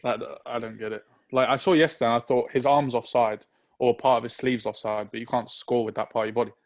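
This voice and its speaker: A man co-hosting a casual football podcast, giving relaxed, opinionated takes. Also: medium pitch. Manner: relaxed, opinionated, drawn-out reasoning. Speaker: podcast co-host.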